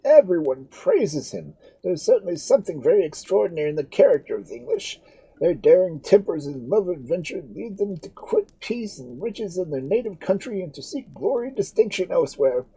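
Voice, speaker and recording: A man's voice: high voice, big pitch swings, fairly quick, warm tone, husky, pitched above the performer's own voice, full character voice, rough recording. Man doing an earnest, declaiming old father. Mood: admiring. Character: proud talkative old father, gentleman.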